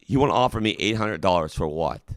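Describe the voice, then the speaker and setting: A man's voice: deep voice, expressive, fast, dry recording, clean studio sound. A man hosting a comedic mock call-in hotline, indignant, preachy and exasperated with his callers. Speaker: call-in show host.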